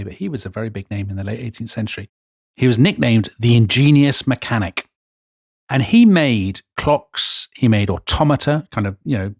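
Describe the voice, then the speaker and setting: A man's voice: medium pitch, breathy edge, no echo, studio quality. A man, co-hosting a history podcast, telling stories with enthusiasm and quoting old accounts with gusto. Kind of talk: storytelling history chat.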